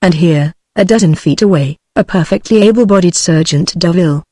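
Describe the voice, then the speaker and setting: A British-accented text-to-speech female voice reading the lines of a suave, mocking male adventurer in an audiobook, with a synthetic, even delivery. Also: lowish voice, brisk, no echo, studio quality, lightly acted.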